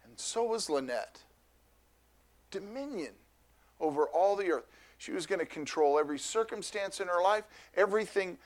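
A middle-aged man preaches as a pastor, his voice pitched high. He rambles and restarts in a conversational way, acting out the people he quotes with rising energy. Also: a bit bright. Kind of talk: sermon.

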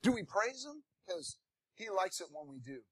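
High, bright-voiced preaching man. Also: moderate pace, breathy edge, no echo. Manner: animated, rising to shouts of praise; folksy, conversational preaching. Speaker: pastor. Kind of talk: sermon.

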